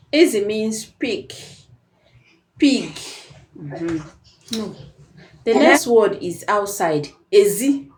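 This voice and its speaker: A woman with an Igbo accent teaching vocabulary, saying each word slowly and then repeating it with stronger stress, and laughing easily. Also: medium pitch. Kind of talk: slow, clear language lesson.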